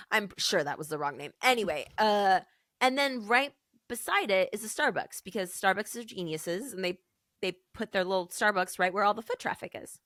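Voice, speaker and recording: In a clean, echo-free studio recording, a woman co-hosts a podcast and tells a story in relaxed conversation. Her voice is medium in pitch and her pace is moderate, and she animates the tale by acting out the voices of the people in it.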